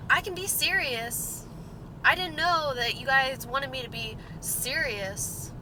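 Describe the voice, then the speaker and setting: A woman's voice: sits high, slow, noisy background. A woman vlogging casually from a car, annoyed and exasperated, with sarcastic asides. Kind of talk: casual vlog rant.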